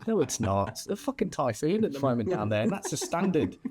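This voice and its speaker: A young adult man, a bartender, chatting as a podcast guest, telling lively stories and swearing freely. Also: mid-range voice, brisk, crowd noise. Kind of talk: casual interview chat.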